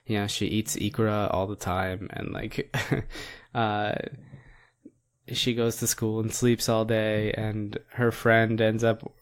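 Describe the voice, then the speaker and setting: A man's voice: fairly low pitch, little pitch movement, slow pace, clean tone. Rambling, laughing man. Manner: rambling, filler-heavy, laughing often. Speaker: podcast co-host. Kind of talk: casual chat.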